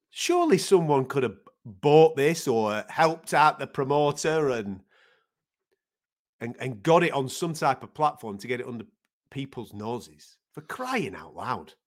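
A man co-hosting a boxing talk show, chatting casually with lively, exasperated banter. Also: medium pitch. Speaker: boxing podcast co-host. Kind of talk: casual chat.

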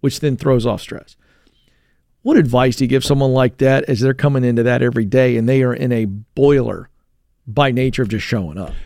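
A man's voice: medium pitch, fairly quick, gravelly, a little mellow, no room sound, clean studio sound. A man co-hosting a call-in radio show, talking casually with fillers and restarts as he reads from a list. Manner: conversational, frequent fillers and restarts.

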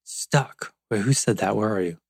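A man's voice: fairly low pitch, normal speed, a little mellow, breathy edge, dry recording. A man teaching an online leadership class over a video call, rambling with playful asides and self-interruptions. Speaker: course instructor.

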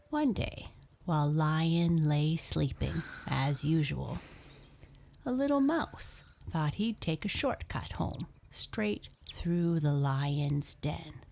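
A woman narrating a bedtime story in a slow, soothing, lilting way. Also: low voice, vocal fry, a little mellow.

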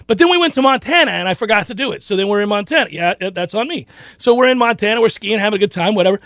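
A man hosting a sports talk show, telling a story in a casual, animated way and acting out other people's lines. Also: high voice, racing, dry recording, studio quality. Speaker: sports radio host.

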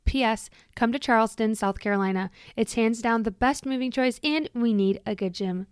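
A woman's voice: a little high, normal speed, clear, resonant tone, no echo, clean studio sound. A young woman hosting her own podcast, chatting in a reflective, emotional way with lots of "like" fillers. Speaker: podcast host. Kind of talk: casual reflective chat.

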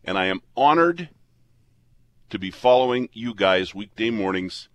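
Earnest middle-aged Canadian radio host. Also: male voice, on the low side, expressive, measured pace, fairly bright tone, dry recording. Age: 50s. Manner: earnest, rambling with many restarts. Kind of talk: casual on-air chat. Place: radio studio.

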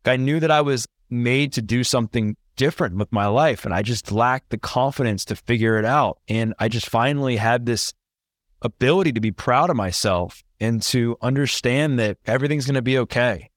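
A man's voice: mid-range voice, normal speed, dry recording, clean studio sound. A man being interviewed, telling his own story in a candid, earnest way that turns emotional. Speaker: podcast guest.

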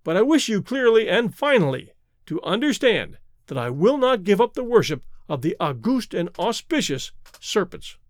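A man's voice: high-pitched, big pitch swings, normal speed, no echo, clean studio sound. A man voicing a haughty, hot-tempered young pagan king in a storybook reading.

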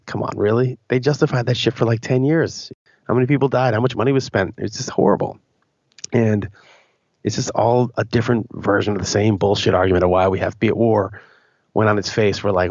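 A man with a low, gravelly, slightly husky voice gives his opinions bluntly on a podcast, swearing freely and restarting his sentences. The audio is dry and a little dull. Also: steady tone, brisk, a little mellow, dry recording. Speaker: podcast co-host. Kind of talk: casual opinionated chat.

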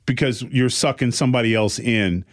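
A man's voice: medium pitch, moderate pace. Middle-aged male co-host, conversational storyteller with a mid-range voice. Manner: animated storyteller, acts out quoted voices. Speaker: podcast co-host. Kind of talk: casual chat.

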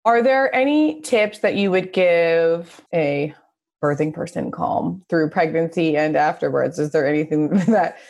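A woman podcast host who tells a family story in a chatty, lively way with quick asides. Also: sits low, gravelly. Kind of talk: casual podcast conversation.

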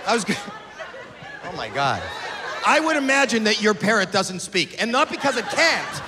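An older man doing stand-up crowd work at a comedy club, loud and incredulous, shouting at an audience member. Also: sits high, big pitch swings, moderate pace. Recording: reverberant club, crowd noise. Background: laughing crowd.

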